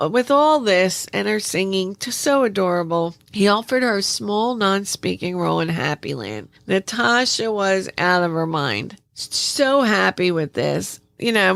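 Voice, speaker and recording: Chatty woman host narrating a true story, bit of vocal fry, mid pitch, lots of restarts. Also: a bit bright, no echo.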